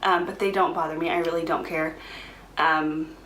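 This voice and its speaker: A young woman chatting casually to her camera, in a slightly low voice and a talkative manner, often slipping in ums. The recording carries a roomy echo from a home room with a faint background hiss. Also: steady tone, normal speed, a bit bright. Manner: chatty, frequent laughs and ums. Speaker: vlogger. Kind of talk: casual pregnancy update vlog.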